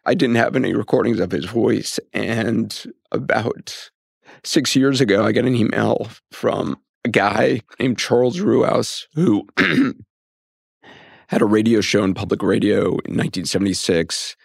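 A man talks as a guest in a relaxed interview, thoughtful and a little hesitant. He often restarts and fills pauses as he searches for words. His voice sits very low and sounds dry and close to the mic. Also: creaky, husky, no room sound. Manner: reflective, hesitant with fillers and restarts. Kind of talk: conversational interview.

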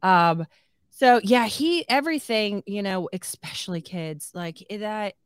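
A woman co-hosting a podcast in casual chat, animated and laughing often as she acts out what she and her husband said. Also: medium pitch, a little slow, smooth, dry recording, clean studio sound. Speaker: podcast co-host.

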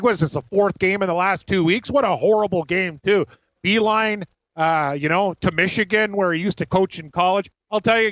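A man's voice: sits high, fairly bright tone, no echo, lo-fi sound. A man co-hosting a sports betting show, giving blunt opinions and short reactions in casual chat.

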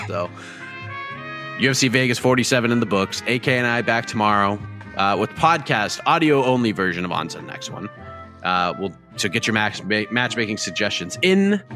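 A man hosting a casual post-fight podcast, talking in a chatty, rambling way with many restarts. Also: on the low side. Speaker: host.

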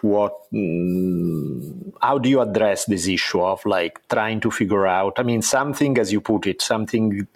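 A man hosting a podcast, telling stories in a rambling, casual way with the occasional swear word and laugh. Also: fairly low pitch. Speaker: podcast host. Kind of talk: casual conversational interview.

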